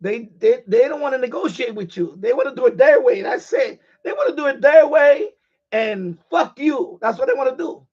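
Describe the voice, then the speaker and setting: A man's voice: very high voice, expressive, normal speed, darkish tone, slightly rough, dull audio. A man hosting a live stream in casual chat, boisterous and profane, laughing often.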